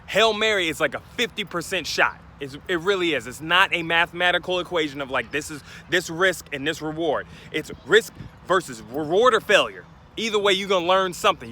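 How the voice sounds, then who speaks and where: A man with a very bright, fairly high voice gives an emphatic, preachy motivational talk outdoors. He speaks straight to his listeners and urges them on. Faint street noise runs underneath.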